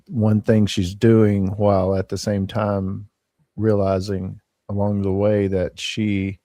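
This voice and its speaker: A man's voice: lowish voice, warm tone, no room sound. A man co-hosting a casual live chat, thoughtful and hesitant as he searches for words. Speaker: co-host.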